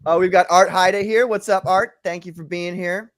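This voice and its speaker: A man's voice: sits high, steady tone, normal speed, a bit bright, no room sound. A man hosting a casual livestream, greeting chat members by name and laughing often. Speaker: host.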